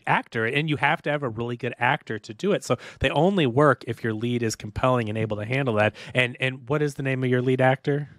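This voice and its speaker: Male podcast host, mid pitch, dry mic, keen and halting. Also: a bit bright, no room sound. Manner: enthusiastic, halting restarts. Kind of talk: casual conversation.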